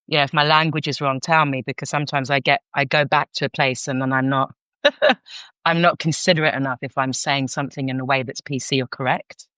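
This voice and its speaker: A woman's voice: rumbling low, no echo. A middle-aged woman from North London with a London accent, telling a candid story as a podcast guest, frank and full of restarts. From North London, England. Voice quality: frank, animated, many restarts. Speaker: guest, counsellor. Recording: dull lo-fi sound.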